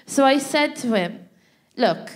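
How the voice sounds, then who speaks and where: A woman's voice: on the high side, animated, measured pace. An Irish woman co-hosting a live comedy show, telling a story on a theatre stage with a chatty manner, laughing often and asking "right?" as she goes. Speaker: comedy podcast co-host.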